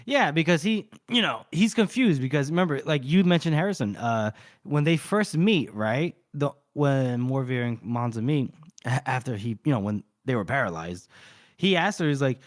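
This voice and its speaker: A man's voice: medium pitch, animated, normal speed. A man co-hosting a podcast, retelling the plot of a novel in a casual, loose conversational way. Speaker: podcast co-host. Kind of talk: casual book discussion.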